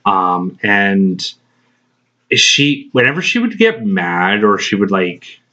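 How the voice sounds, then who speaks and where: A man's voice: fairly low pitch, big pitch swings, takes it slowly, bright, forceful tone. A man hosting a podcast, telling a rambling workplace story in casual chat, swearing often and laughing between phrases. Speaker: podcast host. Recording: slightly dull lo-fi podcast recording.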